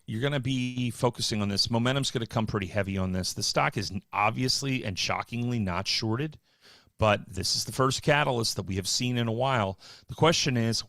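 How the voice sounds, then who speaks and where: A man hosting a live stock market show, talking casually with wry, offhand asides and quick bursts. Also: on the low side, vocal fry, a bit bright, no room sound, clean studio sound. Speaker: market livestream host.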